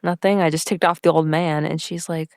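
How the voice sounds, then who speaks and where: A woman's voice: deep voice, steady tone, fairly quick, a little mellow, no echo, studio quality. A woman co-hosting a podcast, recapping a TV episode in casual chat and briefly acting out each character's lines.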